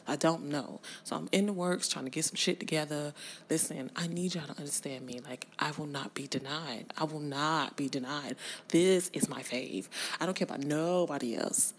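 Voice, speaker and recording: Gushing, profane woman ranting excitedly. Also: low-pitched, slight background noise. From Miami. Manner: gushing, profane, swings between loud and whispered. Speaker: vlogger. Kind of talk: excited fan rant to camera.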